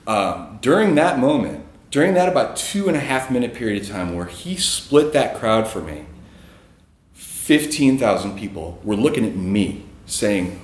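A man's voice: medium pitch, big pitch swings, takes it slowly, roomy sound, a little hiss or hum. A man telling a personal story in a casual, rambling way, with fillers and chuckles. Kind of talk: live storytelling.

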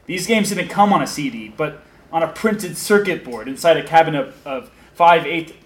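A young man tells his story with sardonic, crude humor and frequent chuckles. His voice sits high and moves a lot. The room around him is echoey. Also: expressive, normal speed. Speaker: narrator and lead actor. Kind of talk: comic audio drama narration.

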